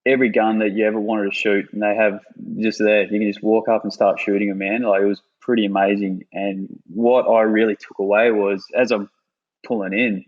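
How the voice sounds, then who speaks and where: A man's voice: lowish voice, brisk, lo-fi sound. A man with an Australian accent, a podcast guest telling stories casually, swearing freely. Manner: swears freely, animated retelling. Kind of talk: casual storytelling.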